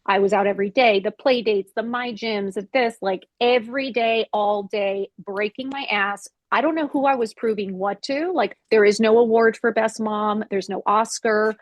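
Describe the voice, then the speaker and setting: A woman in her fifties, a podcast guest, telling her story with blunt, expressive candor, swearing freely and acting out her own past words. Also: medium pitch, normal speed, few pauses, no room sound. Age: 50s. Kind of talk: candid interview storytelling.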